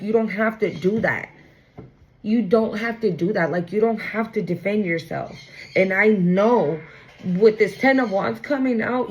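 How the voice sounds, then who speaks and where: Over a muffled recording, a mid-range female voice delivers an informal tarot reading. She's blunt, uses slang, curses without holding back, and gets animated as she performs the quoted voices.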